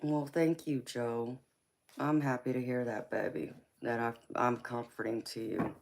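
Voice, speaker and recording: Her bass voice is a little slow and a little mellow, with vocal fry and fairly even intonation. Speaking with a Southern US accent during a casual tarot live stream, she warmly calls viewers things like honey and baby, rambling on with lots of ums and you-knows.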